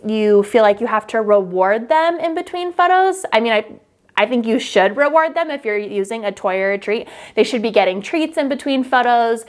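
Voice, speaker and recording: A woman photographer talks through her posing tips in a relaxed, chatty way. Her voice sits a little high for a woman, and she keeps it upbeat while filling small pauses with "um" and "like". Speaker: wedding photographer. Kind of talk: casual tutorial talk to camera.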